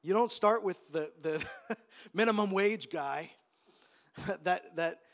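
A man preaching a sermon in an animated way, acting out the quotes with joking asides. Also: sits high, takes it slowly. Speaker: pastor.

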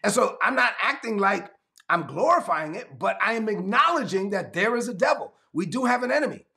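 A man preaching a sermon, his voice pitched high and swinging widely as he pushes rhetorical questions and reads scripture aloud. A gravelly rasp runs under his delivery. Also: very animated, fairly quick, sharp tone. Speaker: pastor.

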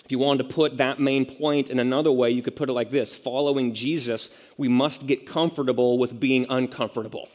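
A man's voice: mid-range voice, fairly even intonation, fairly quick, few pauses, darkish tone. Preaching man in a reverberant hall. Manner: conversational, self-mocking asides, acts out quotes. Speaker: pastor. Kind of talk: sermon. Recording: long reverb of a large hall.

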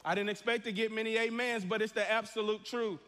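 High-voiced preacher in a reverberant hall. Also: male voice, fairly quick. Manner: animated preaching, acts out prayers in a hushed voice. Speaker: pastor. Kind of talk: sermon. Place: church sanctuary.

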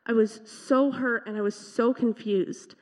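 A woman's voice: a little high, fairly even intonation, a little slow. A teenage girl giving an earnest, reflective personal testimony at a church service. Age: teens. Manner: earnest, reflective storytelling with small laughs. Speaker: teen speaker at youth worship service. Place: church sanctuary. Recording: dull sound with long hall reverb.

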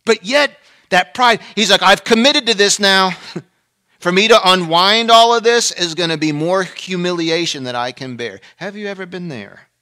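Bright-toned guy preaching, goes quiet then punchy, does little voices for the quotes. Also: high-pitched, normal speed. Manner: swings between hushed and emphatic, acts out quoted voices. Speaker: pastor. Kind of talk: sermon.

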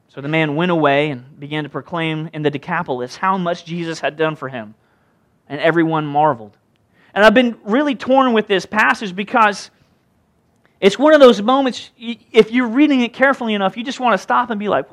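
A male pastor preaching a sermon in an animated, conversational way, with jokey asides. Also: high voice, normal speed.

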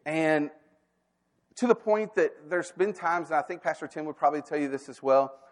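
A man delivering a sermon in a church, talking candidly with the congregation and slipping into quoted inner voices. His voice sits a bit high for a man and rings with a long hall reverb. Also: moderate pace. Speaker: staff pastor. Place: church sanctuary.

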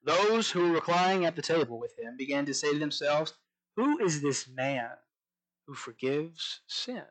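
A man preaching a sermon, reading scripture slowly and dropping to a soft voice on key lines. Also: fairly high pitch, lively intonation, low-quality recording. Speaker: pastor.

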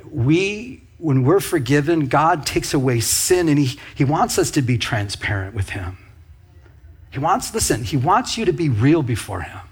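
A man preaching a loose, conversational sermon in a somewhat high, husky voice. He is animated and keeps turning to the congregation with quick asides, as if talking with them rather than at them. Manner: animated, talks straight to the congregation with frequent asides. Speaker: pastor.

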